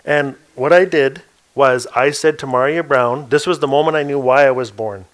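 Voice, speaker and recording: Animated male storyteller. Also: mid-range voice, moderate pace. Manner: animated, acts out the people in his stories. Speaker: author and storyteller on a panel. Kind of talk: oral storytelling to a live audience.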